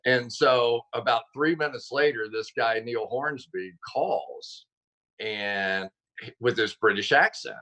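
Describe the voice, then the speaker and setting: A man, a football analyst guest on a sports talk show, telling stories casually and acting out quotes with sudden jumps in pitch. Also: slow pace, pushed and bright, poor audio.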